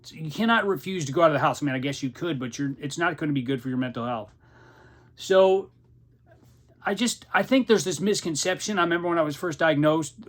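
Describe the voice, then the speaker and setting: Middle-aged guy vlogging, a bit out of breath, voice sits a touch high, keeps restarting his sentences. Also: a bit bright. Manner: candid, restarts and repeats words. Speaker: podcast host living with Parkinson's. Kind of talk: casual personal vlog talk.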